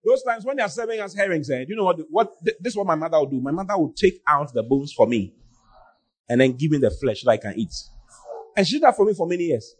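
A high-pitched man preaching on a podcast in a husky voice. His pitch swings widely as he fires off scolding rhetorical questions. He often bursts into shouts for emphasis. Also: sing-song, fast talker.

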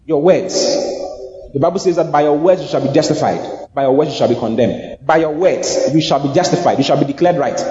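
Man preaching, emphatic call-and-response, slightly higher voice, echoey hall, muffled sound. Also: warm tone. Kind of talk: sermon.

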